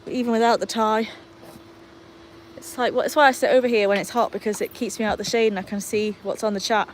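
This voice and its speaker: A woman's voice: on the high side, fairly even intonation, fast talker, a little hiss or hum. Chatty woman livestreaming with her dogs. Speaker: livestream host. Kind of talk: casual livestream chat. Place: outdoor garden.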